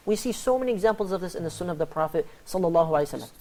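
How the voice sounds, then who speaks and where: A man hosting a religious panel talk, rattling along at a brisk clip. he tells stories with lively energy and gives each quoted character a voice of its own. he speaks to a panel of guests. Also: sits high. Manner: animated storyteller, acts out quoted dialogue. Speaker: host.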